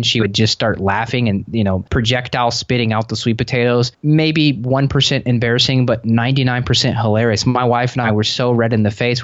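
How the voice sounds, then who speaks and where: A man's voice: mid-range voice, dry recording. Earnest guy on a podcast call, long reflective stories, kinda muffled dull audio. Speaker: podcast guest. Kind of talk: relaxed conversational interview. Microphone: remote call.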